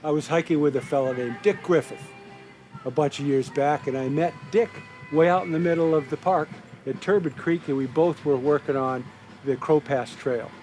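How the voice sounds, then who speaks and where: A man's voice: a little high, moderate pace, a little mellow, faint music behind, rough recording. An older man who worked for a state park, telling a story in a documentary interview and acting out the quotes.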